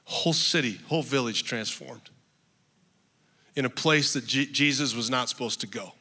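A man's voice: mid-range voice, normal speed, bright, forceful tone, big-room sound. A male pastor preaching a sermon to a congregation, emphatic and personal, telling his own story with touches of humor. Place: church hall with a congregation.

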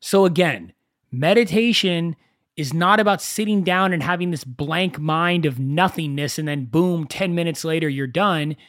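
A man hosting a solo podcast, talking in a conversational, animated storytelling way with self-mocking asides. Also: a little high, moderate pace, no room sound, studio quality. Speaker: podcast host.

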